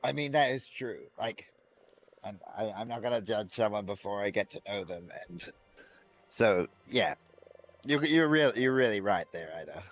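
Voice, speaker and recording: A man's voice: lowish voice, lively intonation, normal speed, soft background music. A man playing a tabletop game, talking casually with many hedges. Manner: casual, hedging with lots of "like". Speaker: player. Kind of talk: casual tabletop role-play.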